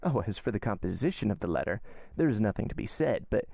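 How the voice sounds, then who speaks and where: A man's voice: on the low side, lively intonation, quick pace, vocal fry, warm tone, dry recording, studio quality. A man voicing a haughty, purse-proud banker baron in an audiobook reading, stiffly and arrogantly polite. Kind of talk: audiobook character voice.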